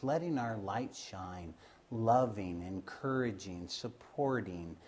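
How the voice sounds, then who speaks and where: In a fairly low, darkish voice with a little hiss or hum behind it, a Christian Science healer tells stories of his work. His informal telling is loose and hesitant, full of fillers and restarts, and he acts out the voices of people he quotes.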